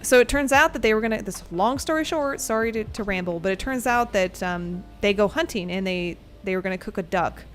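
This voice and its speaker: A woman of middle pitch chats loosely over her gameplay, drifting into long stories and breaking into laughter often. She swears casually, and quiet music runs behind her. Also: brisk, few pauses. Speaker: streamer. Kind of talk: casual gameplay commentary and storytelling.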